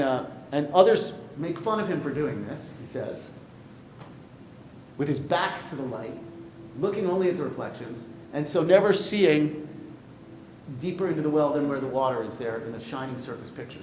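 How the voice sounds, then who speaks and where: A man teaching a poetry class, animated and playful, often breaking off mid-thought. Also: normal speed. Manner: animated, playful, self-interrupting. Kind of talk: classroom lecture. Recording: echoey classroom with faint rumble.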